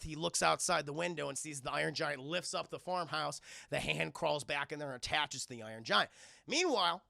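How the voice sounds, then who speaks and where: A man streaming a casual, animated film recap to his live chat, swearing freely. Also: on the high side, vocal fry, no room sound, clean studio sound. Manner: animated, profane, addresses chat.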